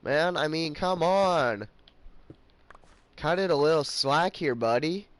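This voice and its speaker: A man's voice: a little high, animated, takes it slowly. A young man giving casual gameplay commentary, rambling and ranting about a friend and mimicking him in mocking voices. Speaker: gaming channel host.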